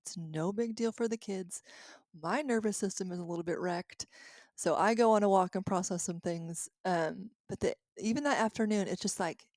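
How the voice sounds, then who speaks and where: An animated woman in her thirties tells a story on her podcast, laughing often and acting out what she said back then. Her voice sits at a middle pitch. The sound is dry and close, with no room around it. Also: normal speed, dry recording. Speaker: podcast host and coach. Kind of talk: casual storytelling monologue.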